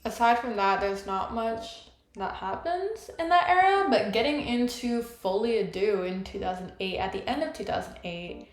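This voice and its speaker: A woman's voice: medium pitch, moderate pace, few pauses. A young woman telling a fan-history story in a casual, gossipy way, full of "like"s. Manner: gossipy, animated, many "like"s. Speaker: YouTuber. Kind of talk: casual commentary video. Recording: echoey room, faint music.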